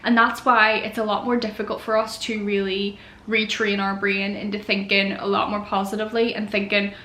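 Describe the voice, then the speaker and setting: Chatty young woman, bright and roomy. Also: mid-range voice, flat delivery, normal speed, a little hiss or hum. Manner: chatty and open, heavy use of "like". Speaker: vlogger. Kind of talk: casual chat vlog. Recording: echoey room.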